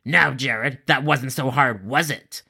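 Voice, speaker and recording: A rude, threatening male customer, as a man puts him on. He sneers and taunts in a mid-pitched voice and swears casually. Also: takes it slowly, gravelly, pushed and bright, husky, heavily acted. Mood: sneering.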